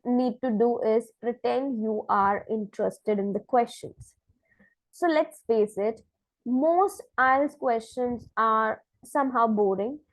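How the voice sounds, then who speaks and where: Woman teacher going over ielts tips, kinda high voice, dry close sound, keeps asking right?. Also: darkish tone, dry recording, low-quality recording. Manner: explaining, with frequent "right?" checks and self-corrections. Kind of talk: lecture-style exam tips.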